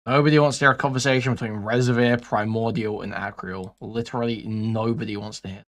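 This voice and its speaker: A man's voice: on the low side, fairly even intonation, a little fast. A man reacting to a stream clip, blunt and sarcastic, with frequent profanity. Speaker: drama commentary YouTuber. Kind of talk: reaction commentary.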